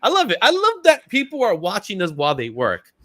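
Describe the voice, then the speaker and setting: With a high, slightly bright voice whose pitch swoops wildly, a man hosts a casual livestream at a slightly fast pace. The recording is dry and clean studio quality, and he's upbeat and talkative, laughing often, naming viewers in the chat, and peppering in "you know what I'm saying."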